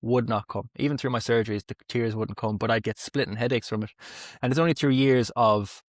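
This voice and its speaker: Young male podcast host, quick and candid, swears freely; dry, close recording. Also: medium pitch, steady tone, dry recording. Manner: open, heartfelt storytelling with swearing. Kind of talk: emotional podcast conversation.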